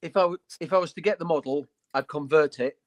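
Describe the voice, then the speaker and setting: A man's voice: a little high, fast. A man co-hosting a casual hobby podcast, talking with enthusiasm, blunt jokes and playful asides. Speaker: podcast co-host.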